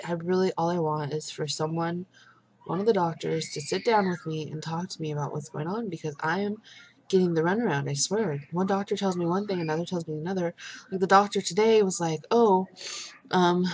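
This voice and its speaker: An exhausted young woman speaks in a low, husky voice. She gives a casual video update to her viewers. Her talk rambles with frequent pauses and fillers, and frustration runs through it. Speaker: vlogger.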